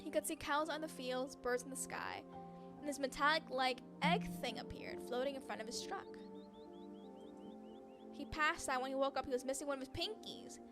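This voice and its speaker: A woman's voice: sits high, normal speed. A woman voicing an upbeat young cryptid hunter and vlogger, talking in a chatty, earnest way over game music.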